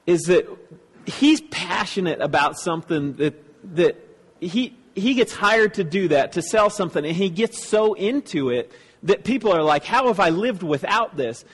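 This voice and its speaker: A man's voice: sits high, expressive, slightly rough. Rambling man in a reverberant room. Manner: rambling, halting, with many restarts. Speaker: speaker reacting to clips. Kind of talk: casual commentary.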